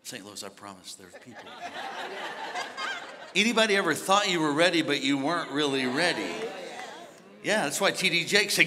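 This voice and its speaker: High-voiced pastor preaching in a big hall. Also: male voice, big pitch swings, moderate pace, long pauses, a crowd in the background. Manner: storytelling, builds to shouting. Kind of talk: sermon. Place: large church hall. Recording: hall reverb from a big church.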